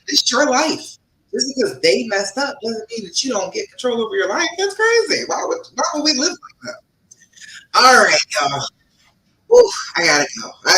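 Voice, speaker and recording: A woman relationship coach talks live to her viewers, emphatic and full of laughter as she calls on them by name. Her voice is bright and swings widely in pitch. The sound is roomy and echoey. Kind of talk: live-stream advice session.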